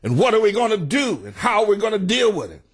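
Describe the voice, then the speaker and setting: A man preaching a fiery political sermon, often shouting in a preacherly way, his pitch swooping high and low. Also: big pitch swings, fast talker, slightly rough. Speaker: pastor.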